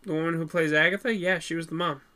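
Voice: medium pitch, steady tone, fast, pushed and bright. A podcast co-host who talks bluntly, swears casually and often repeats words when starting a thought, in a casual movie review chat.

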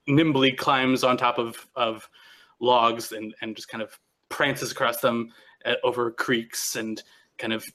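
A man's voice: mid-range voice, fairly bright tone. A man narrating as game master of a tabletop game, rambling and restarting often.

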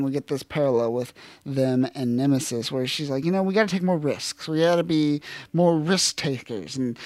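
A man's voice: medium pitch, darkish tone, no room sound. Male co-host, loose and profane chat, dry close sound. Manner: loose, profane recapping with quoted voices. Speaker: podcast co-host. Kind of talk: casual comic book discussion.

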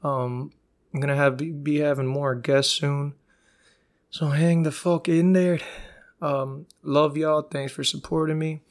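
A man's voice: on the high side, fairly even intonation, a little slow. A man hosting a solo podcast, telling stories in a profane, rambling way. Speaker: podcast host. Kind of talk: casual solo podcast monologue.

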